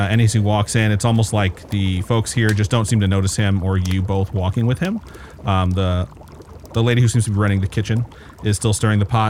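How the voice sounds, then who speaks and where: Low-voiced man narrating as game master. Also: a little hiss or hum. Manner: relaxed, descriptive, many "uh" fillers.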